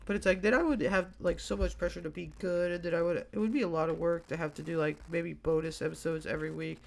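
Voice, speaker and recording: A man's voice: fairly high pitch, steady tone, quick pace, creaky. A tired young man hosting a solo podcast, rambling and hesitant with lots of fillers and restarts, yawning now and then. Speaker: podcast host.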